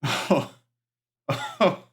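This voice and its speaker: A man's voice: drawn-out words, fairly bright tone. Man doing a menacing cyberpunk street tough. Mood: fawning. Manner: swings from threatening to fawning.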